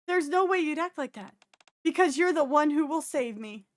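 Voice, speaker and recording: A woman's voice: high-pitched, animated, normal speed, pitched above the performer's own voice. A woman voicing a timid, clingy shut-in girl who stammers and apologizes in a panic. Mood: devoted.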